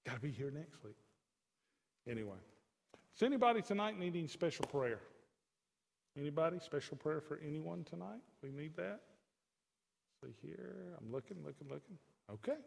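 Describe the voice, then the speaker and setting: Male pastor, high-pitched, folksy and chatty from the pulpit, long hall echo. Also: expressive, moderate pace, creaky, pauses often, husky. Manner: folksy, chatty asides to the congregation. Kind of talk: conversational sermon. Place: church sanctuary.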